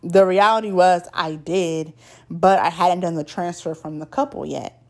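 Lowish-voiced woman telling a story. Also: moderate pace, darkish tone. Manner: casual, slangy storytelling. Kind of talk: reading a first-person story aloud.

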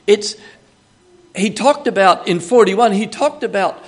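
The older Australian preacher speaks high-pitched at a measured pace, his intonation lively and his voice edged with breathiness. He teaches in a conversational, joking manner full of asides, growing emphatic when quoting God.

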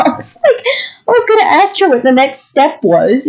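A young woman co-hosting a podcast, casually telling a story in an exasperated, animated way and mimicking the people she quotes. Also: high voice, brisk. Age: young adult. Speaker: podcast co-host.

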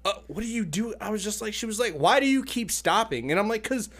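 A man's voice: sits high, quick pace. A young adult man telling a story in casual chat, acting out the people he quotes. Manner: animated storyteller, acts out quotes in shifting voices.

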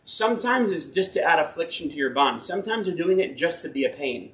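Scripture comes first, then personal stories, as a man with a notably high, slightly bright voice delivers an informal sermon in an echoing church hall. He's animated and talks a little fast, his folksy, earnest rambling broken by frequent self-corrections.

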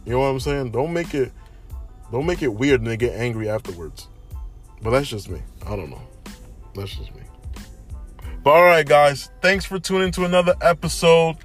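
A young man hosting a casual solo podcast, telling stories in an animated way and often saying "you know what I'm saying". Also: medium pitch, normal speed, long pauses, soft background music. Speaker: podcast host.

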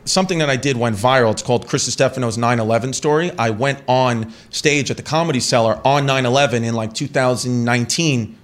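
A man in his thirties, a comedian guest, telling rambling, profane stories in casual podcast talk. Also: medium pitch. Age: 30s. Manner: animated, profane, rambling anecdotes.

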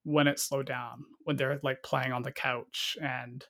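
In a medium-pitched voice that barely moves, a man reviewing a movie speaks a little slowly, with vocal fry and a pushed, bright sound. It's casual podcast chat, full of rambling, self-interruptions and acted-out quotes.

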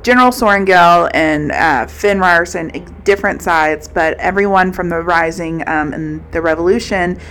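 A woman's voice: fairly low pitch, normal speed, hardly any pauses, fairly bright tone, a little hiss or hum. A woman co-hosting a podcast, telling a book recap in a casual, rambling way with plenty of swearing and filler words. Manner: profane, rambling storyteller with many fillers. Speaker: podcast co-host.

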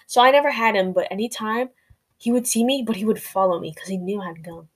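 Rambling, animated young woman chatting. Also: mid-range voice, quick pace. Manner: rambling, animated storytelling with lots of "like". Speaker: podcast co-host. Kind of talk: casual chat and anecdote.

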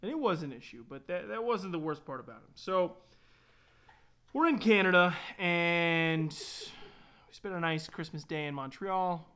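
Man, tour guide, relaxed storyteller who laughs a lot, slightly high voice. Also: measured pace, smooth. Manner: laughs often, relaxed, lots of restarts and quoted dialogue. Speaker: tour guide and van driver. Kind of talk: casual anecdote telling.

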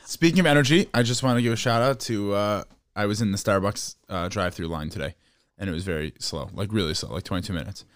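A man co-hosting a casual chat podcast, an animated storyteller who restarts often and bickers playfully with his co-host. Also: lowish voice, fast talker, no echo, studio quality.

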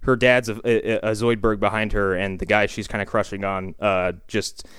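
A man's voice: lowish voice, little pitch movement, moderate pace, a bit bright, clean tone, no echo. A man co-hosting a casual film podcast, giving wry, joking play-by-play of the scenes with casual swearing. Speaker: podcast co-host.

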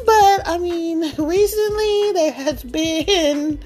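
A woman's voice: extremely high pitch, slow, darkish tone, soft background music. A woman vlogging in a casual chat, dramatic and exasperated, repeating herself and laughing often as she talks. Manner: laughs often while talking.

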